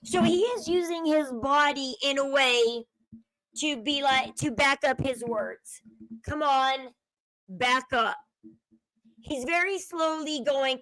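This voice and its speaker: A woman talking casually as host of a commentary channel, chatty and speculative, dropping to a low murmur when she quotes people. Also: slow, a bit bright, no echo, poor audio. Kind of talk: casual commentary over a video clip.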